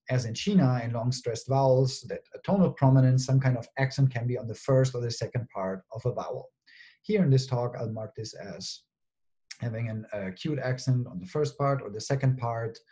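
Man giving a calm academic lecture. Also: mid-range voice. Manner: explanatory, frequent ums and okays. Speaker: linguistics lecturer. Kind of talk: academic conference talk.

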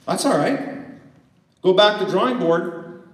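A man from Canada giving an energetic motivational business talk to a live audience, asking questions and joking. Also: sits high, a little slow. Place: event hall with a live audience. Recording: echoey hall, voice from far off.

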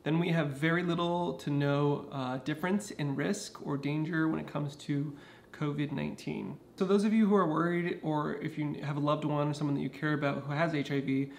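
A man's voice: fairly high pitch, steady tone, normal speed, creaky, a little hiss or hum. A man talking casually to his camera at home, explaining things earnestly with frequent restarts. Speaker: vlogger. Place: indoors at home.

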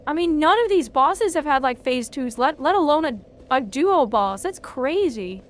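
A woman streaming a video game, reacting loudly and swearing freely at each twist of the fight. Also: high voice, moderate pace, slight background noise. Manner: excitable, swears a lot, talks at the game. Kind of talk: live gameplay commentary.

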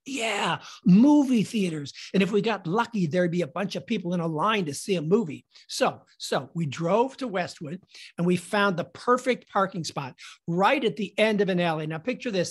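A middle-aged man hosting a podcast, telling a funny personal story in a theatrical, animated way. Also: sits high. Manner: animated, theatrical, acts out scenes.

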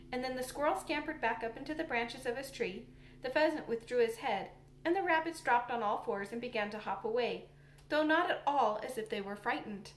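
A woman narrating a storybook with calm, measured reading. Her voice is fairly high. The recording carries a roomy echo. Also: a little hiss or hum. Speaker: audiobook reader.

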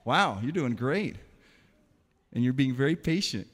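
A man performing an interactive stage show for children, playfully calling out quick commands and teasing his audience. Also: mid-range voice, expressive, a bit bright. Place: large hall. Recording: long hall reverb.

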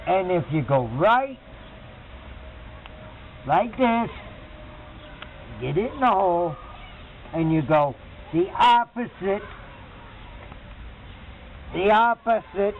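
High-voiced rambling New man swearing. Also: animated, takes it slowly, pauses often. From Massachusetts, USA. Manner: rambling, swears often, explains step by step. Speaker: documentary subject. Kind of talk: unscripted talk while fixing a bike pedal. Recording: harsh phone-like camera audio with loud background noise.

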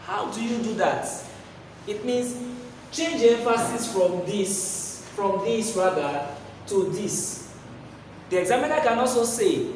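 A man's voice: high-pitched, a little hiss or hum. Echoey far-off man teaching math. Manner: asks rhetorical questions, repeats key phrases. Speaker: mathematics teacher. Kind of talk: classroom lesson.

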